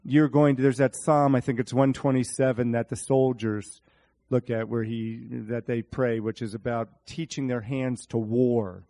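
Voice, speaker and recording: A man preaching a sermon, animated, speaking to his congregation by name and acting out Bible scenes in different voices. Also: mid-range voice, moderate pace.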